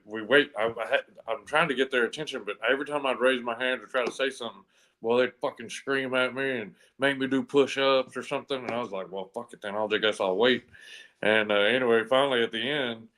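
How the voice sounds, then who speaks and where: A man's voice: mid-range voice, fairly bright tone. A man telling a long story in casual chat, rambling with lots of "and anyway" fillers and easy swearing. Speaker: comedy podcast co-host telling a story.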